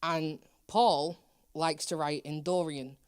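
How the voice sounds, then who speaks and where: A woman's voice: deep voice, fairly even intonation, slow, dry recording. Young English woman, musician guest, playful and opinionated, dry studio sound. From England. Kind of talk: casual interview chat.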